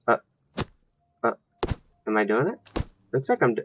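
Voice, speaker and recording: A man's voice: medium pitch, animated, normal speed, pauses often, slightly rough. A man giving let's play commentary, thinking aloud and swearing when startled. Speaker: gaming channel host.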